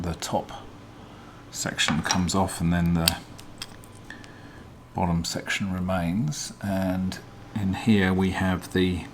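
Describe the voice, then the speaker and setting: A man hosting a casual teardown demonstration, talking in a relaxed, hesitant way with frequent ums as he explains. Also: deep voice, background noise. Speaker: vlog host.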